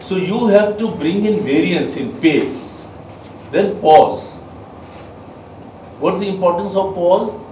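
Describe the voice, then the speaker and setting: A man giving a soft skills lecture to a class, emphatic and quizzing his listeners. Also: high-pitched, slow, pauses often, slight background noise. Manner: emphatic, asks the class questions. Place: training room with a class. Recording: echoey room, mic far off.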